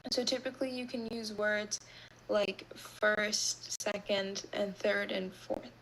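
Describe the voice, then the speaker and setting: Woman teacher talking thru a class, kinda relaxed, um's here and there, faint hiss behind. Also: mid-range voice, slow, low-quality recording. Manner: relaxed, explanatory with fillers.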